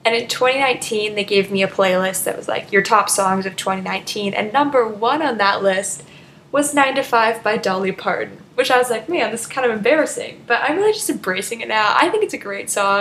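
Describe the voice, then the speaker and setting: A woman's voice: medium pitch, expressive, fairly quick, a bit bright, roomy sound, a little hiss or hum, poor audio. A young woman hosting a college radio show, chatting loosely with many ums and likes between songs. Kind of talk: casual radio chat. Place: radio studio.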